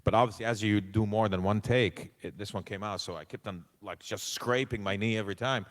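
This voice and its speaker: Man, actor guest, animated storytelling, acts out quotes, long hall reverb. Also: fairly low pitch, brisk. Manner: acts out quoted voices, swears casually. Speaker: actor guest on a convention panel. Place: convention hall stage.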